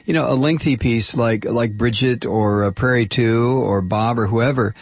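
A man's voice: mid-range voice, normal speed, slightly rough, no echo. A man hosting a call-in talk radio show, chatting casually and rambling with many restarts and fillers.

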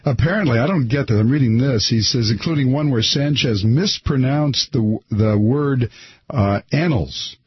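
Halting talk radio host, husky voice. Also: male voice, medium pitch, no room sound. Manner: rambling, halting, many restarts. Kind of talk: casual talk radio chat. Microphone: studio microphone. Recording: slightly dull broadcast sound.

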